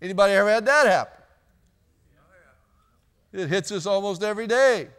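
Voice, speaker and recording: A man's voice: high voice, animated, moderate pace, fairly bright tone, clean tone. A man preaching a sermon in a church, chatty and joking with the congregation between readings. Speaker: pastor. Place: church sanctuary.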